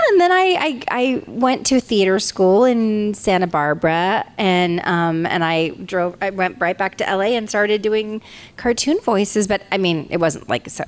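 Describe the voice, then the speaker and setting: A woman in her forties, a voice actress telling stories to fans at a convention panel, chatty and rambling with frequent laughter, on a handheld microphone. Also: mid-range voice. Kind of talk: casual storytelling at a fan convention panel.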